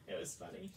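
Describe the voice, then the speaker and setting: A woman helping at a live sale, telling a story in casual chat and laughing through it. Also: a little hiss or hum. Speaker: co-host helper. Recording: voice from off-mic.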